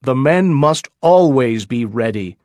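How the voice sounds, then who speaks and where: A careful, commanding expedition leader from a storybook, put on by a man narrator. He sounds firm and steady, with a lively pitch. The recording is close and dry. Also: takes it slowly, no echo.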